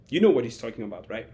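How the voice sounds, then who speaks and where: A man giving a rambling, animated spoken analysis of a football match, often acting out quotes. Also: medium pitch. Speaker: football commentator.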